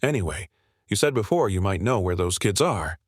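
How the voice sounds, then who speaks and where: Man voicing a deadpan elderly villager, low register. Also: normal speed, no echo, clean studio sound. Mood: weary. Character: weary old village grandfather.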